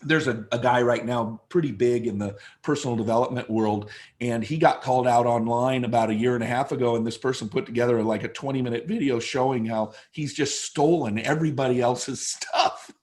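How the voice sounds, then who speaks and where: A man's voice: medium pitch, fairly even intonation, brisk, darkish tone. A man in his fifties, a guest speaker telling a story in an interview, emphatic and repeating phrases for effect. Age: 50s.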